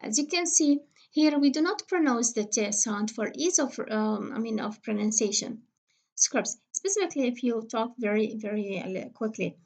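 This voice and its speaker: A woman teaching English pronunciation in a recorded lecture, patiently repeating example words slowly with frequent fillers. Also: on the high side, darkish tone.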